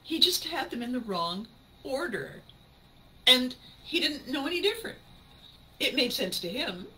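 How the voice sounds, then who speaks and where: Animated bright-voiced woman telling a story. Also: sits high, a little slow, a little hiss or hum, poor audio. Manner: animated, laughs often mid-sentence. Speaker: podcast host. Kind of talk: personal storytelling monologue.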